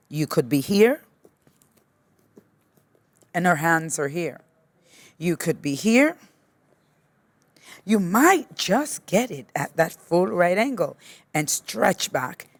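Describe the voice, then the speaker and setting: Calm woman yoga instructor, lower register, talks students through poses slowly and encouragingly. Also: no room sound. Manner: slow, patient step-by-step cueing; gently encouraging. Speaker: yoga teacher. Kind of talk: guided yoga class instruction.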